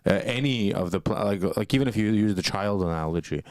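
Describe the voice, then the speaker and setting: A man's voice: fairly low pitch, animated, fairly quick, darkish tone, dry recording, studio quality. A man co-hosting a discussion show, talking casually and joking with his partner. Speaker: co-host. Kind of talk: livestream discussion.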